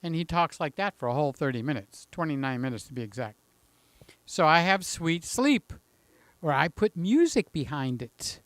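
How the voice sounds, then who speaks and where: A man's voice: on the high side, expressive, moderate pace, dry recording. Chatty older man greeting live viewers. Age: 60s. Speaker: livestream host. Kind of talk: casual chat to live viewers.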